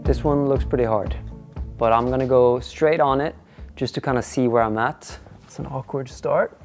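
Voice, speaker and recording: A man's voice: medium pitch, normal speed, a little mellow, faint music behind. A man out of breath in an indoor climbing gym, talking casually into a clip-on mic between climbs, with sighs and puffs. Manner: chatty, sighing and puffing between climbs. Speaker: climber filming himself. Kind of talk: casual on-the-spot commentary. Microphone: clip-on microphone worn on the body.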